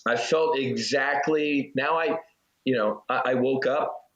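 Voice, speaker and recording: A man, a former Navy fighter pilot, telling a personal story as an interview guest in an earnest, halting way with restarts. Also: mid-range voice, a bit bright. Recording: roomy, slightly dull audio.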